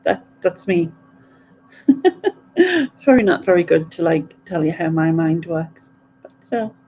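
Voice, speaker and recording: A woman's voice: on the low side, very animated, unhurried, dark tone, a little hiss or hum. Giggly chatty woman, lo-fi. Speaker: live stream host. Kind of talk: casual live Q&A chat.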